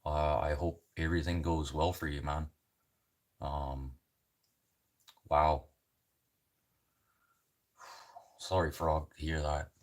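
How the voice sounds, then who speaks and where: This Canadian man livestreams, chatting with viewers and rambling through profane stories full of swearing. His very deep voice stays flat, and he talks slowly, pausing often.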